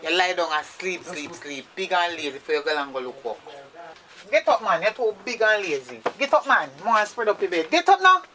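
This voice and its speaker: A woman's voice: lowish voice, sharp tone, slight background noise. A woman with a Jamaican accent, acting in a drama as a nagging woman waking a lazy man. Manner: nagging, scolding patois. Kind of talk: low-budget drama acting.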